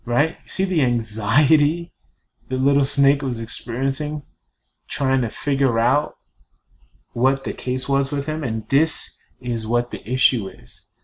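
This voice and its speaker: A man's voice: mid-range voice, unhurried. A man presenting a productivity webinar in a casual lecturing style, peppered with "you know" and "right?". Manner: chatty, fillers and tag questions.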